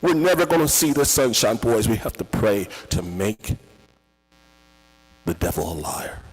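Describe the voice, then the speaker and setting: A frantic, terrified father bellows in a strained, raised voice, acted out by a man telling a story. He sounds far higher and louder than a calm speaking voice. A long hall echo trails every shout. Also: slow, breathy edge, heavily acted. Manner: shouting urgently. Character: frantic terrified father rousing his sons.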